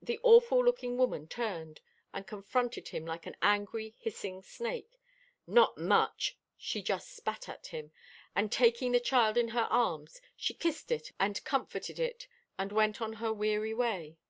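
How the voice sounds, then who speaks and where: A woman narrating an audiobook in steady, expressive storytelling, told as the dog's own account. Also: medium pitch, unhurried.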